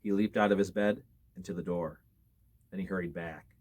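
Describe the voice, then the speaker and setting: A man's voice: low-pitched, fairly even intonation, normal speed, a little mellow. A man reading scary stories aloud, expressively and with small slips. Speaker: storyteller.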